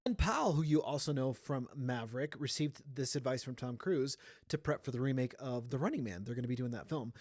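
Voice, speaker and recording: A man's voice: mid-range voice, brisk, a little mellow, dry recording, clean studio sound. A man hosting a casual pop culture news podcast, talking in a playful, chatty way. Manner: chatty, playful, jumps into sung sounds and silly voices. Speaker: podcast host.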